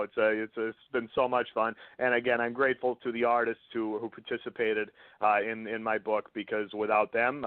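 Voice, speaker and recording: A male guest on a radio interview tells an anecdote, his voice mid-pitched and filled with little ums and repeats. The sound is thin and phone-like, dry with no room around it. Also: dry recording. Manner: animated anecdote teller, hesitant fillers. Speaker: author and music journalist, guest. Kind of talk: interview storytelling. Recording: tinny phone line, dry.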